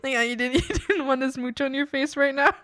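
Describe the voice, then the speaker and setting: A woman streaming while she works on art, telling stories in a casual, animated way, acting out quotes and laughing often. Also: high-pitched, a little fast, no echo, clean studio sound. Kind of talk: casual chat while drawing.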